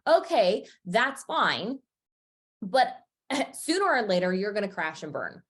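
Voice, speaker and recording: A woman's voice: medium pitch, big pitch swings, slow, a bit bright. Chatty woman coach, emphatic. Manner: chatty, emphatic, frequent filler words. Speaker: fitness and business coach, guest. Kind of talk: casual podcast conversation.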